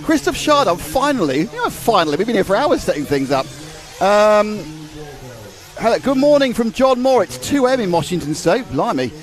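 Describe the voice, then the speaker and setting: An excitable man hosting a live racing stream, his voice pitched high and bouncing all over the place. He talks in a bubbly rush of greetings and asides, clearly thrilled to be on air. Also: moderate pace. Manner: excitable, bubbly, reads out viewer names. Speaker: race commentator.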